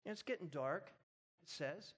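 A man's voice: fairly high pitch, lively intonation, moderate pace, breathy edge. A man preaching a sermon, retelling a story with humor and building to emphatic exhortation. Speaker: pastor.

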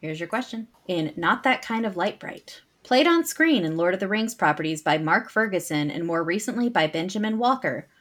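A woman's voice: medium pitch, expressive, moderate pace, hardly any pauses, fairly bright tone. A woman hosting a trivia game, reading questions aloud and playfully teasing the players.

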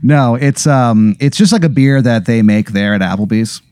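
A man's voice: mid-range voice, normal speed, a little mellow, clean tone, no room sound, studio quality. A man acting as game master, narrating an improvised comedy scene in a rambling, profane, joking way. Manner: rambling, profane, laughing storyteller.

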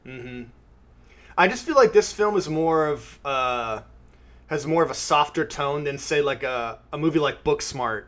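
A man chatting casually about a film with a co-host, in a voice a little higher than most men's. He is chatty, laughs easily and keeps the conversation moving with questions. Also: lively intonation, measured pace, fairly bright tone. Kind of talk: casual film review chat.

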